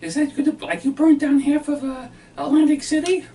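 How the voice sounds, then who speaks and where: A man voicing an exasperated adult woman who scolds in a shrill, slow, clipped voice. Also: steady tone. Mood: scolding. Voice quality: shrill and loud. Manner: slow, clipped nagging delivery. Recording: distant mic, faint noise.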